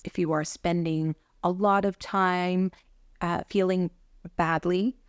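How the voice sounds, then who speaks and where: A woman speaking candidly and earnestly to camera about healing, in a gently encouraging personal vlog. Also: lowish voice, dry recording, studio quality. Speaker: vlogger sharing concussion recovery. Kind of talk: personal reflective talk to camera.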